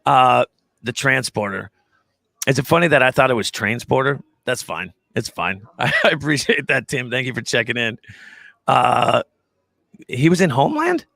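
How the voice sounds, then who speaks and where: A man's voice: mid-range voice, big pitch swings, moderate pace, vocal fry, pushed and bright, no echo. A man hosting a casual live show, joking around with his co-host and reading viewer comments. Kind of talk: casual live-stream chat.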